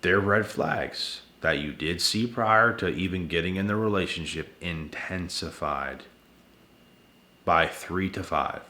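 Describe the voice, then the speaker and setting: A man's voice: low voice, slow pace, pushed and bright, reverberant. A man hosting his channel, giving relationship advice in a blunt, repetitive casual monologue late at night, sounding tired and talking to viewers as guys and bro. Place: at home indoors.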